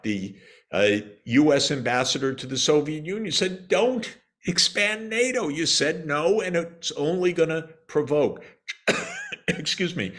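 Male economist guest, low register, deliberate unhurried delivery, pointed and indignant. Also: a bit bright. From United States. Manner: emphatic and indignant, frequent "uh" pauses. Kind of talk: interview answer, argumentative.

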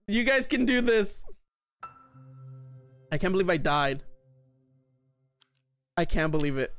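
High, excitable young streamer guy. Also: a little slow, pauses often, faint music behind. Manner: excitable, shrieks when scared. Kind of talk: live gameplay commentary.

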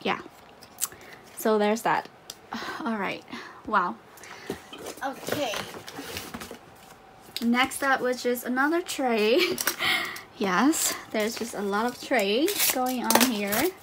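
A woman's voice: fairly high pitch, lively intonation, slow pace, long pauses, noisy background. A woman talking casually while unboxing a haul for her channel, gushing with exclamations and fillers. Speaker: YouTuber unboxing a photocard haul.

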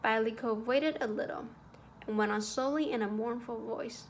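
A woman narrating a classic literary short story in a measured, expressive reading. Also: fairly high pitch, slight background noise. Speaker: audiobook reader.

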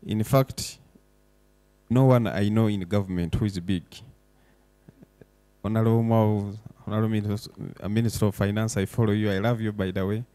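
A young man speaks with rising passion at a public event. His voice sits low and warm, and the sound is dry and close, with no room echo. He shifts from reflective lines to forceful declarations. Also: fairly even intonation, moderate pace. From Uganda. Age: young adult. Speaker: foundation director giving a speech. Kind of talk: emotional public speech. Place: event hall.

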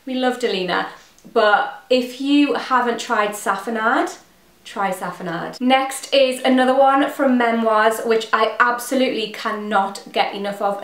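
Speaking in a slightly high, reverberant voice, an English beauty vlogger reviews fragrances to camera. She gushes enthusiastically, naming the scent notes one after another.

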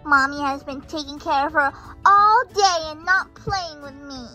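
A woman's voice: high voice, measured pace, pushed and bright, faint music behind. A woman voicing a jealous, whiny little girl doll who sulks and complains. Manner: sulky, whining. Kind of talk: doll play-acting.

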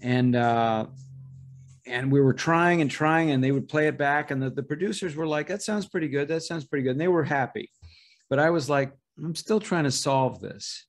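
A middle-aged man with a mid-range voice sits for a podcast interview. He explains how he works in a measured, thoughtful way, trailing off and restarting as he builds his answers. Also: medium pitch. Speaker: voice impressionist guest.

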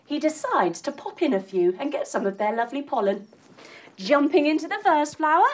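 A woman's voice: sits high, big pitch swings, a little fast, a little hiss or hum. A woman leading a children's yoga lesson as a story, playful and encouraging. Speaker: kids yoga teacher.

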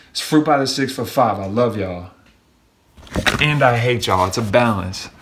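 A young man vlogging a casual, profane, animated rant about a rough day at work. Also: mid-range voice, normal speed. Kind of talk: casual motivational vlog rant. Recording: roomy echo.

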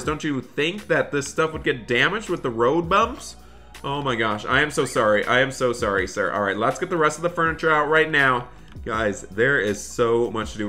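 A man's voice: mid-range voice, sharp tone. A man doing chatty Roblox roleplay commentary, talking to viewers and his in-game son, with dramatic bursts of dismay.

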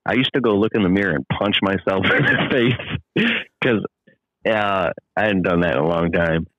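A man who runs a landscaping business, guesting on a podcast by phone, telling stories in an intense, profane, animated way. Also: low-pitched, normal speed, dry recording. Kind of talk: casual podcast chat. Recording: lo-fi phone line.

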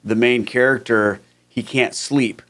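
A man's voice: medium pitch, steady tone, measured pace, fairly bright tone. A man hosting an interview, sharing a thought in a thoughtful, hesitant way. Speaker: interview host. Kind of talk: casual conversational interview.

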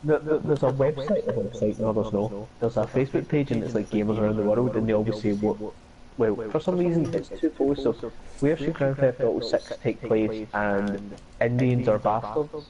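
Man, crude joking gamer, swearing, loud crowd noise behind. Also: lowish voice, normal speed, muffled recording. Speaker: live-stream gamer. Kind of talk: casual gaming chat.

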